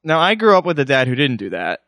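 A man's voice: mid-range voice, very animated, quick pace, a bit bright, no echo, studio quality. A man hosting a call-in show, reassuring a caller in a playful, encouraging way. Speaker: host. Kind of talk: casual call-in chat.

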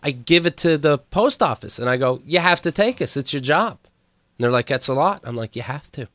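A man chatting on a comedy podcast, his voice bright and forward, swinging up and down as he tells stories. He often slips into an impression of his dad. The sound is dry and close to the mic. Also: on the high side, lively intonation, moderate pace, no room sound. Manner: storytelling, mimics his dad, laughs often. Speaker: podcast co-host. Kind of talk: casual comedic chat.

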